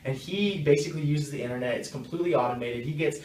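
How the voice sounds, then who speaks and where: A man's voice: fairly high pitch, quick pace, a little mellow, slight background noise. A young man giving casual, frank advice on network marketing to his viewers, slipping into quoted dialogue as he tells stories. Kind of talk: casual direct-to-camera advice. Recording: roomy echo, mic at a distance.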